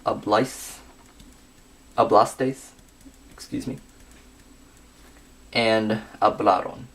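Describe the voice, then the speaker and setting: A young man giving a scripted grammar lesson, working through verb endings slowly and methodically. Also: fairly low pitch, fairly even intonation, fairly bright tone. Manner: methodical, reads conjugations slowly with pauses.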